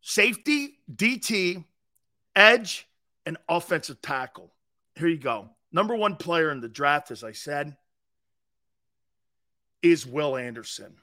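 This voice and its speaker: A man's voice: on the high side, big pitch swings, takes it slowly, long pauses, bright, forceful tone. A man hosting a live football talk show, blunt and mocking. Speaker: sports talk show host. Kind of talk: live sports radio talk.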